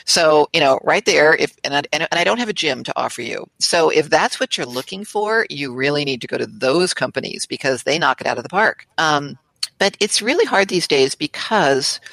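A woman, an interior designer, speaks animatedly as an interview guest, her voice gravelly with a bright, forceful edge. She laughs easily and lets phrases trail off softly. The sound is close and dry. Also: low voice, normal speed, dry recording. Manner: animated, laughs often, trails into soft asides. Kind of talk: conversational interview.

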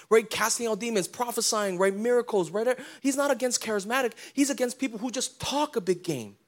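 A man preaching a sermon as pastor, in a casual, conversational way with slangy asides, often putting questions to the congregation. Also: extremely high pitch.

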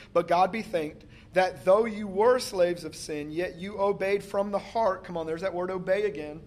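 A man preaching a sermon, reading scripture slowly and commenting emphatically, often laughing. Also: sits high.

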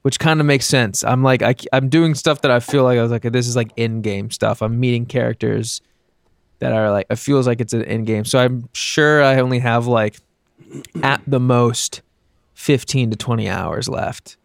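A man with a gravelly, middle-pitched voice chats in a loose, rambling way. His podcast talk is casual and unhurried. The recording is dry and close. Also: fairly even intonation, no echo. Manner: laid-back, rambling gamer talk. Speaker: podcast co-host. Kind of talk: casual chat.

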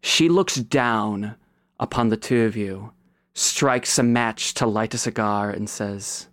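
A man's voice: fairly low pitch, slow, fairly bright tone, dry recording, studio quality. A man running a tabletop game, narrating the scene dramatically for the players. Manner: dramatic storytelling, dropping to whispers. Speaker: game master.

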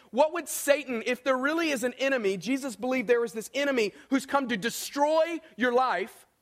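A male pastor preaching a sermon as an animated storyteller, acting out the people he quotes and swinging between quiet and emphatic delivery. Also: very high-pitched.

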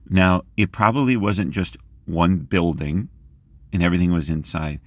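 A man leading a guided scripture meditation, gently inviting listeners to imagine the scene and rising in pitch as he reads the verses. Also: normal speed, dry recording. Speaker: prayer leader.

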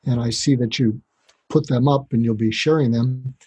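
Very husky man explaining calmly. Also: mid-range voice, normal speed, rough recording. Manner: calm, explanatory, demonstrates dialogue. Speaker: podcast guest, doctor. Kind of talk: podcast interview.

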